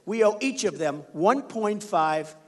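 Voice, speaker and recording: High-voiced American man giving a rally speech. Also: expressive, measured pace. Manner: emphatic, repetitive, punchy. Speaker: political candidate. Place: large indoor rally venue.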